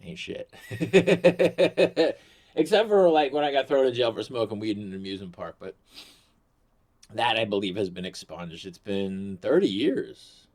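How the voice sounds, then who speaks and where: A man's voice: lowish voice, lively intonation, unhurried, darkish tone. Profane, rambling middle-aged man. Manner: profane, rambling and self-mocking. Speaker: vlogger. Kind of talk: casual comic storytelling.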